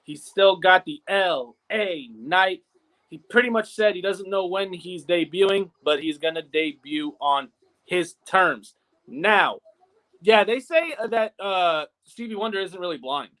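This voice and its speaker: A man's voice: high voice, animated, unhurried, bright, forceful tone. A man co-hosting a wrestling watch-along, chatting casually and rambling, with "like" in nearly every phrase. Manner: rambling, fills with "like" constantly. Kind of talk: casual chat.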